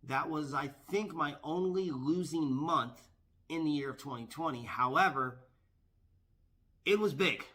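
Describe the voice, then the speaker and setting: A man telling a storytime vlog as a professional gambler, emphatic and repetitive, often pushing his voice loud. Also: fairly high pitch, measured pace, a little hiss or hum.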